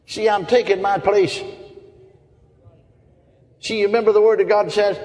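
A man's voice: sits high, animated, moderate pace, pauses often, a little mellow. A man preaching a sermon, telling folksy stories, chuckling often and asking the crowd for amens. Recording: long hall reverb.

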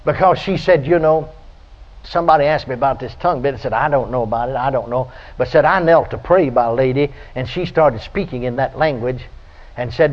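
An older man preaching a folksy radio sermon, telling stories and breaking into high, shouted praise. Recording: dull lo-fi archive radio recording.

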